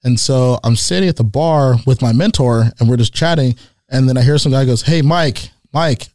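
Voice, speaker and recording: Man, casual guest, animated storyteller who laughs a lot, dry close sound, mid-pitched. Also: fairly quick, dry recording. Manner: animated anecdote-teller, laughs often, heavy use of "like".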